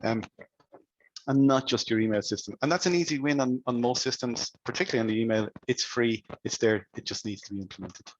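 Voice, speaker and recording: A man's voice: medium pitch, brisk, highs cut off. A man presenting cybersecurity advice to business owners, speaking conversationally and asking many rhetorical questions.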